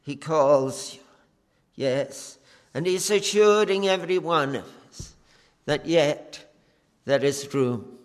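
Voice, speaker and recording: Male preacher, earnest pleading sermon delivery, unhurried, long reverb from a church hall. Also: a little high.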